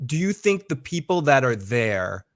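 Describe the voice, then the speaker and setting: A man's voice: medium pitch, sing-song, unhurried. A man co-hosting a live stream, teasing the host and backing up points.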